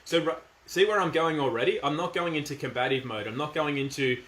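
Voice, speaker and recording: A man's voice: on the high side, brisk, a bit bright. A middle-aged man with an Australian accent, talking in a casual, firm and emphatic monologue. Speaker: commentator. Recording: echoey room.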